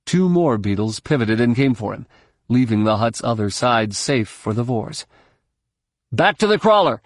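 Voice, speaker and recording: A male narrator reads an action audiobook in a measured, steady way, with a pitch in the middle range for a man. The sound is dry and close, with no room echo. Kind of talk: scripted narration.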